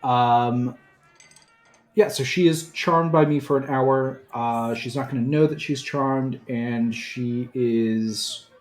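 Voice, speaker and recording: A hesitant tabletop player explains a spell's effect in a casual, halting way. Faint music plays behind. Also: medium pitch, fairly even intonation, a little mellow, reverberant. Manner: hesitant, many fillers and restarts. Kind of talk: casual tabletop game play.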